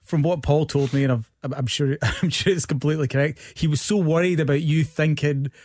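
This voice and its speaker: A man's voice: a little high, steady tone, a little fast, a little mellow, dry recording, clean studio sound. A middle-aged man, a podcast guest chatting easily and agreeing often. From Glasgow, Scotland. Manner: easygoing, lots of "yeah, yeah" agreement. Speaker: guest musician. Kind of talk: casual conversation.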